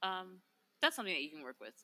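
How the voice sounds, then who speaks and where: Young woman podcast cohost, bright lowish voice, chatty, tells little stories. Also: big pitch swings, quick pace. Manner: chatty storyteller, goes high and sing-song when imitating how she talks to a dog. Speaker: podcast co-host. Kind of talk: casual chat.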